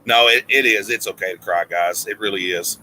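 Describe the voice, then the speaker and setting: An older man on a casual vlog, talking in a halting, emotional way. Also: on the low side, sharp tone, slight background noise, rough recording. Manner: choked up, halting, reading a letter aloud. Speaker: vlogger.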